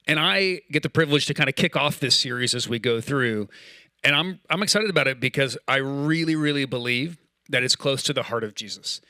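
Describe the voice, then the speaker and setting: A man in his thirties gives a relaxed, conversational sermon with a bright, forceful tone. He tells stories and slips into quoted dialogue. The sound is dry and close. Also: medium pitch, no echo. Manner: casual, storytelling, acts out quoted dialogue. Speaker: pastor. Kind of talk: sermon with personal story.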